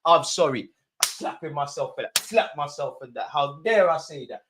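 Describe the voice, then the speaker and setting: A young man calls a football match live for his viewers as an excitable, one-sided fan. His voice sits a little higher than most men's. He chats in loose street slang and talks straight to the people watching along. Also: normal speed, breathy edge.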